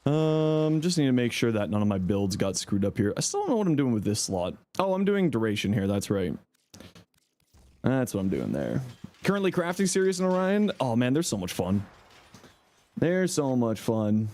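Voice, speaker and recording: A man streaming a game, chatting casually and playfully with viewers, a bit sleepy and slightly hoarse. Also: mid-range voice, big pitch swings, moderate pace, darkish tone. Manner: playful, greeting viewers one by one; sleepy, laid-back. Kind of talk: casual live-stream chat.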